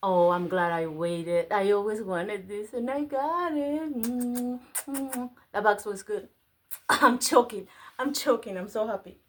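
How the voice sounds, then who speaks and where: Excitable woman unboxing, slow delivery. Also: mid-range voice. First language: Spanish. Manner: excitable, gasping and squealing over finds. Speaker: vlogger unboxing a craft store grab box. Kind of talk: casual unboxing chat.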